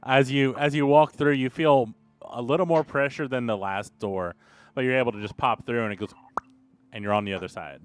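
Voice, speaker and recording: A man's voice: mid-range voice, a little fast, clear, resonant tone. Man narrating as game master. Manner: descriptive, calls for rolls.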